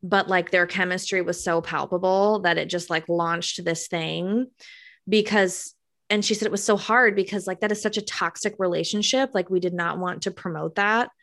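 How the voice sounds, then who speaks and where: A woman co-hosting a podcast in relaxed conversation about a TV show. She talks in an easygoing way and fills her pauses with ums and likes. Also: on the low side. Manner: chatty, uses many fillers. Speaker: podcast co-host. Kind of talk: casual chat about a TV show.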